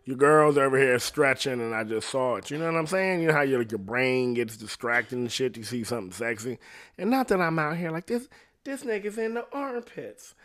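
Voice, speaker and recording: A man's voice: medium pitch, animated, a little fast, a bit bright. A young adult man talking in a casual, rambling and profane way, laughing often as he goes. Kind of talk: casual chat.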